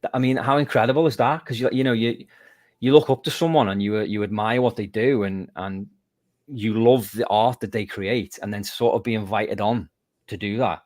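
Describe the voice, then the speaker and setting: Lively man telling stories. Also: lowish voice, moderate pace, no room sound. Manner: animated storyteller, lively and self-mocking. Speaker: guest musician. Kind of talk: casual interview chat.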